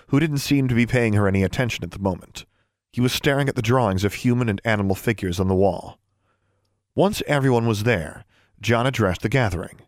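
Male audiobook narrator, lower voice, measured storytelling. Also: no room sound, studio quality.

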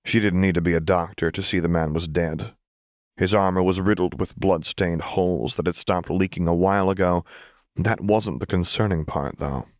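A man reading a fan-fiction story aloud as a steady, measured narrator. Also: low voice, no echo, studio quality. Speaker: audiobook reader. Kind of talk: scripted narration.

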